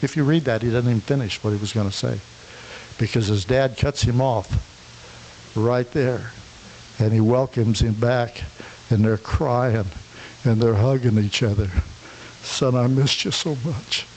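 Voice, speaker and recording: A man preaching a sermon, his voice sitting at an ordinary middle pitch. He tells a parable in a storytelling way, voicing the characters and often restarting his words. A faint hiss runs under the recording. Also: steady tone, moderate pace, long pauses, mellow, poor audio. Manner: retells a parable, acting out the characters, with frequent restarts.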